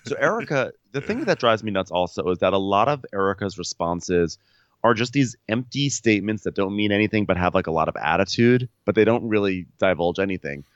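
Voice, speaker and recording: Lively man on a dull, dry mic. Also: lowish voice, brisk, dry recording. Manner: exasperated, incredulous retelling. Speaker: podcast co-host. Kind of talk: casual comedic recap chat.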